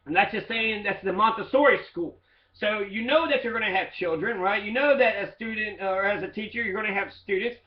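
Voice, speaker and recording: A man's voice: high voice, brisk, echoey room, highs cut off. A man in training to be a teacher talks loosely and rambles through quotes, with plenty of fillers and profanity. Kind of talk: casual monologue reading quotes.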